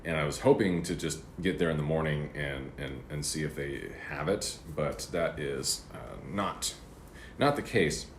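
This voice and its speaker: Casting note: man, very low voice, rambling casual streamer, roomy apartment sound. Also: measured pace, a little hiss or hum. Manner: rambling, chatty, eating between words. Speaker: livestreamer. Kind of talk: casual chat. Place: apartment room. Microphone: streaming setup.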